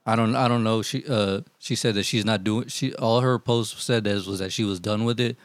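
A man telling profane, animated stories in casual chat with friends, acting out what people said. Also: fairly low pitch, normal speed, no room sound. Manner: profane, animated storytelling, acts out quotes. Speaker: storyteller among friends.

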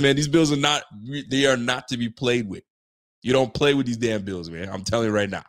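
Fast, slangy, and full of swearing and laughter, a man at medium pitch hosts a relaxed football live-stream. He gets excited while reading through viewer comments.

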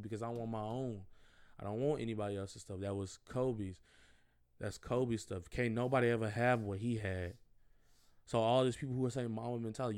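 A man's voice: medium pitch, a little mellow, clear, resonant tone. A young man hosting a solo podcast, talking casually in an earnest, rambling way, full of slang and repeated phrases. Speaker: podcast host.

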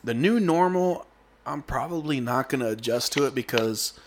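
A man's voice: medium pitch, lively intonation, moderate pace. A man, chatting on a podcast and telling stories animatedly, laughing at his own jokes. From Texas. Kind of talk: casual chat.

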